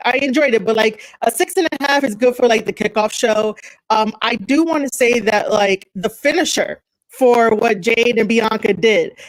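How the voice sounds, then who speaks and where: A woman's voice: fairly high pitch, no room sound, poor audio. Chatty woman, podcast guest. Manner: friendly, chatty, many fillers like um and like. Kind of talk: casual podcast chat.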